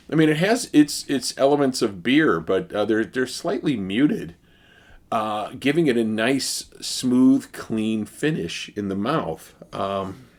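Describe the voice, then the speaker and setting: A man casually reviewing a beer for his vlog, rambling and wry, with many fillers and restarts. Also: medium pitch.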